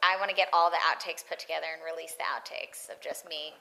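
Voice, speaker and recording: Bright, animated woman voice actress. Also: sits low, fast, creaky, a little hiss or hum, poor audio. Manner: animated, acts out quoted lines. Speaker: voice actress guest. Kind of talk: casual interview chat.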